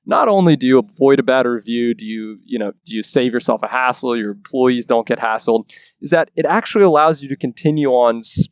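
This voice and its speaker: Fast-talking man with a gravelly voice. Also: medium pitch, no room sound. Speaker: guest, startup co-founder. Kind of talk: casual podcast chat.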